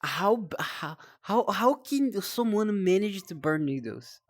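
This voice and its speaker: A woman's voice: medium pitch, expressive, a little slow. A young woman streaming live, chatting casually in a rambling, self-deprecating way, often stumbling over and repeating her words.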